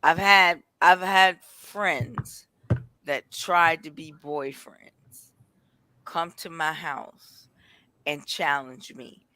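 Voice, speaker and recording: A woman's voice: low voice, fairly even intonation, very slow, bright, forceful tone, dry recording. A woman telling blunt, heated stories in a casual podcast chat.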